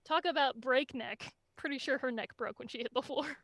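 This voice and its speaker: A young woman co-hosting a podcast, talking in an excited, swearing way and acting out scenes as she goes. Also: high-pitched, moderate pace, no echo. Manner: excited, swearing, acts out scenes with quoted lines and laughs. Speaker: podcast co-host. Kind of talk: casual chat.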